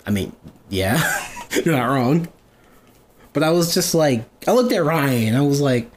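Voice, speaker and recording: A young man chatting casually on a podcast, telling stories and laughing often. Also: measured pace. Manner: animated, laughs often, voices quoted people with big pitch jumps. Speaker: podcast co-host. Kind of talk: casual storytelling chat. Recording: faint background noise.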